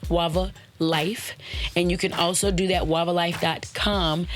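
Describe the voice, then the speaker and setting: A woman runs her own podcast, chatting in a playful, slangy way to motivate listeners. Swooping high exclamations pepper her speech, and she spells out web addresses letter by letter.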